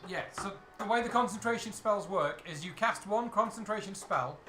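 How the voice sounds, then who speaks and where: High, bright dungeon master. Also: male voice, normal speed. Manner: relaxed, explanatory, narrating dreams and rules. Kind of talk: narrating a tabletop game. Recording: echoey room, mic from some distance, faint noise.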